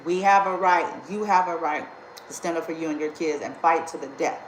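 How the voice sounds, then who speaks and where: Brief: a low-voiced, indignant woman giving a spiritual vlog talk, emphatic and profane, roomy echo. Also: brisk, a little hiss or hum. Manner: blunt, indignant, emphatic, swears freely. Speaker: spiritual healer.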